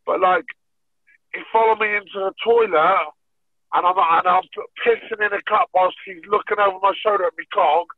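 Man, high voice, swearing storyteller, thin phone-like audio. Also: moderate pace, dry recording. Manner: profane, laughing, animated storyteller. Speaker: podcast guest, former fighter. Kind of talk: casual storytelling. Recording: tinny phone-like dry sound.

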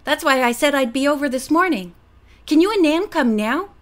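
A woman's voice: high-pitched, animated, moderate pace, pitched above the performer's own voice. Woman reading as secretive young boy Jimmy.

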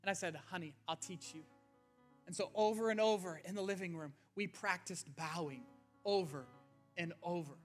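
A pastor with a high-sitting voice delivers an earnest, conversational sermon to his congregation at a normal pace. The setting is a church sanctuary, with faint music playing underneath.

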